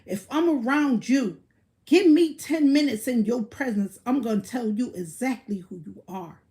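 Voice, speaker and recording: A woman's voice: fairly high pitch, moderate pace, warm tone. A woman hosting a livestream, ranting casually in a blunt, profane, boastful way. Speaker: livestream host.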